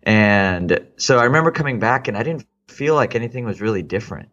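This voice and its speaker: A man's voice: medium pitch, lively intonation, brisk, fairly bright tone, muffled recording. A man in his thirties from Texas, a guest in a casual interview, reflecting aloud with many fillers and restarts. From Texas, United States.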